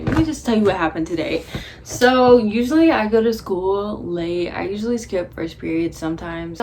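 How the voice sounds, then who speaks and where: A woman's voice: mid-range voice, heavy background noise. A teenage girl vlogging casually, telling a story in a chatty, blunt way and swearing freely. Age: teens.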